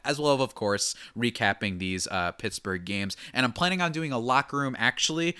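A man's voice: lowish voice, pushed and bright, smooth, no room sound, clean studio sound. A young man hosting a podcast, talking energetically and rambling with lots of fillers. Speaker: podcast host. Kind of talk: casual podcast chat.

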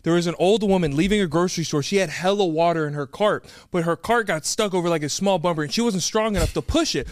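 A young man co-hosting a podcast, talking in a laid-back way with slang and quick reactions. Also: sits high, no room sound, studio quality. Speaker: podcast co-host. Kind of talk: casual chat.

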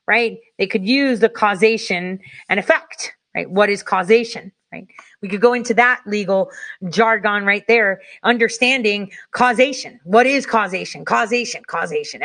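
A woman delivering a heated, profane political rant, angry and rapid-fire. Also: medium pitch, a bit bright.

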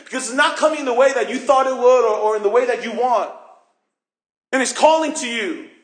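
A man preaching a sermon as pastor, expressive and acting out voices and questions. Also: very high-pitched, brisk. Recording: roomy echo.

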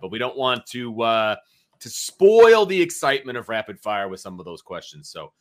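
A man hosting a casual sports talk podcast, energetic and chatty, telling stories with animation. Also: medium pitch, normal speed. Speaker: podcast host.

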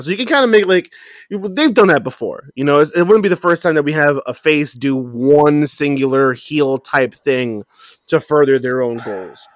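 A man co-hosting a casual wrestling chat, animated and laughing often, breaking into mock voices. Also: on the high side, moderate pace, dry recording, studio quality. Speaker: podcast co-host.

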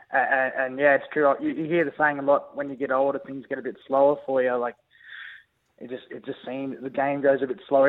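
A young Australian rugby league player, a guest on a radio show, talking over the phone in a relaxed, hesitant way with many fillers. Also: male voice, medium pitch. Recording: tinny phone line.

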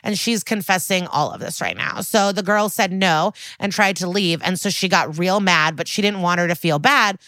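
Woman, podcast co-host, casual recap, lowish pitch, dry close sound. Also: pushed and bright, no echo. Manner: chatty, quotes characters in quick voices, laughs often.

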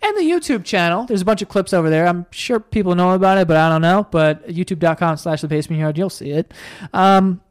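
Animated young swearing podcast host. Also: male voice, high voice, brisk, hardly any pauses, clean tone. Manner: animated storytelling, swears a lot. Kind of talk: casual chat.

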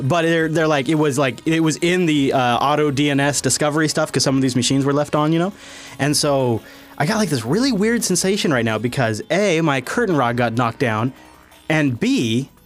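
A man hosting a tech podcast in casual chat, rambling and animated, laughing often. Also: a little high, moderate pace, faint music behind. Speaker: podcast host.

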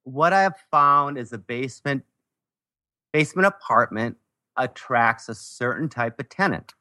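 A man's voice: mid-range voice, expressive, measured pace, sharp tone, no echo, clean studio sound. An older man, a landlord guest, telling stories in easygoing, joking casual chat.

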